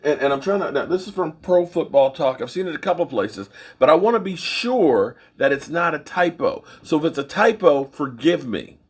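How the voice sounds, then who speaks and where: A middle-aged man hosting his own sports channel, giving folksy, opinionated commentary in a rambling, casual way with a husky voice. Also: fairly high pitch, lively intonation, moderate pace, few pauses.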